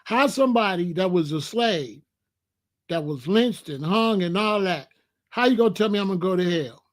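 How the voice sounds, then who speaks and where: A man's voice: high voice, animated, moderate pace. A man in his sixties talking casually on a livestream, answering chat in a blunt, emphatic way and often repeating himself. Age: 60s. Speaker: host.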